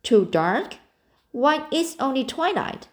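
A woman reading the part of a stern, practical older spinster in an audiobook, in a brisk, scolding manner. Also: medium pitch, animated, close to an everyday voice.

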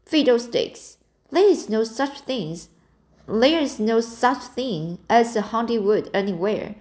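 A woman reading the part of a stern, practical older spinster in an audiobook, in a brisk, scolding manner. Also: a little high, expressive, darkish tone.

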